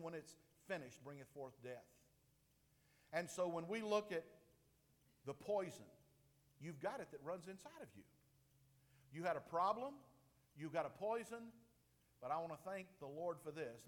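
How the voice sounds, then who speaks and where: A man preaching a sermon, emphatic, with his voice swinging from loud, high peaks to low, quiet drops. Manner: emphatic, rises and falls sharply in pitch and loudness. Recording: long reverb of a large hall.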